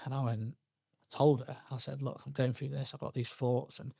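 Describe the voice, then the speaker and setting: A young man tells his own story on a podcast, pausing, restarting and acting out what people said to him. His voice is gravelly at an average pitch. The sound is dry and close. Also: little pitch movement, dark tone, dry recording. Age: young adult. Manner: halting, frequent restarts and fillers, quoting himself and others. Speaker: podcast guest. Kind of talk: candid personal storytelling.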